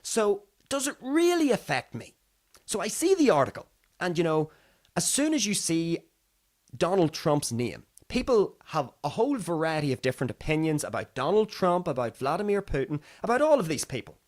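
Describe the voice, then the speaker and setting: A man's voice: a little high, sing-song, a little fast. A young Irish man hosting a podcast, chatting casually and wandering off topic as he talks through the news. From Ireland. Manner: chatty and digressive, acts out other people's voices. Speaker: podcast host. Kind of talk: casual solo commentary.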